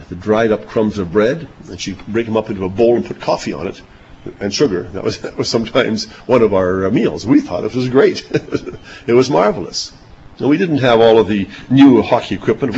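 A man's voice: mid-range voice, a little mellow, dull audio, slight background noise. An older man preaching a sermon, reading scripture and telling folksy childhood anecdotes with chuckles.

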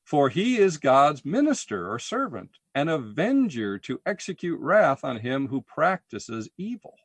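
A man preaching a sermon, deliberate and emphatic, posing rhetorical questions. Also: on the high side, very animated, husky, no echo. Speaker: pastor.

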